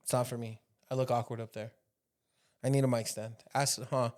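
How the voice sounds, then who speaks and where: A man hosting a podcast in casual chat, joking and teasing, quick to laugh. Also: mid-range voice, level tone, darkish tone. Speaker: podcast host.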